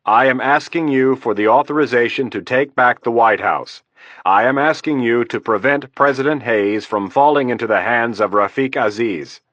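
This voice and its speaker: A blunt, insistent army general, voiced by a man reading an audiobook, low and forceful. He presses every point with urgent firmness. The sound is dry and close. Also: lively intonation, normal speed, no echo, lo-fi sound. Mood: urgent firm.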